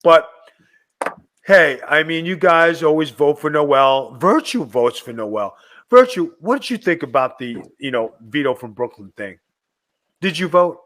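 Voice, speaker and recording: Excitable joking male podcast host. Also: fairly high pitch, measured pace. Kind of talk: casual chat.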